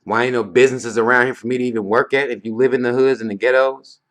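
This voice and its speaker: A man's voice: medium pitch, steady tone, quick pace. A man ranting bluntly to camera in a vlog, heated and profane, firing off rhetorical questions. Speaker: vlogger. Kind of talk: casual rant to camera.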